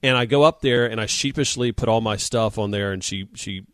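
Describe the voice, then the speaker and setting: A man co-hosting a sports talk show over a video call, telling stories in a lively way and acting out the quotes. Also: on the low side, brisk, no room sound. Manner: animated storyteller, acts out quotes. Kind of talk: casual storytelling chat.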